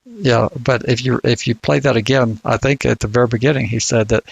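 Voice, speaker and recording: Gravelly Southern man, slow drawl. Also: mid-range voice, no echo, poor audio. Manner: deliberate, halting, many restarts. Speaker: legal commentator. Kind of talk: casual podcast discussion.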